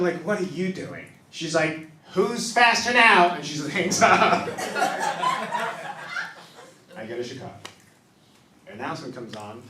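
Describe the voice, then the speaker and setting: This comedian, not a native English speaker, tells stories on a small improv club stage before a live audience, slipping into characters in quick bursts. His voice is on the high side and a bit bright, sounding roomy and far from the mic with slight background noise.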